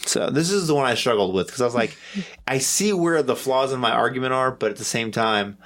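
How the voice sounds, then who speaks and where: A man's voice: medium pitch, lively intonation, brisk, a bit bright. A man co-hosting a podcast, talking through his thoughts in a rambling, hesitant, self-deprecating way. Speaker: podcast co-host. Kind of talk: casual podcast discussion.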